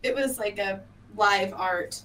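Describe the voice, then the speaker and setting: A woman's voice: mid-range voice, slow, noisy background. A woman streamer chatting casually with friends, egging the others on. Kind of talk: casual group chat on stream.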